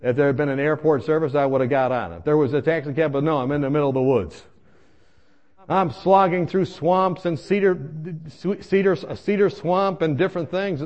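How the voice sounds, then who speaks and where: Animated man telling a comic story. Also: fairly high pitch, normal speed. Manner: animated, acts out voices, laughs while telling.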